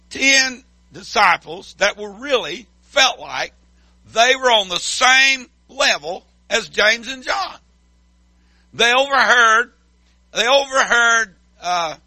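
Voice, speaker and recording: A man preaching a sermon as pastor, calling out to the congregation and swinging from loud declarations to hushed asides. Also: very high-pitched, dry recording.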